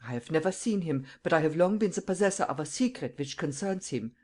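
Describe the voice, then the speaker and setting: A narrator voicing a poor, excitable old German man with a German accent who stammers and splutters in bursts. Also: fairly high pitch, brisk. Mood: explaining. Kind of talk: audiobook character voice.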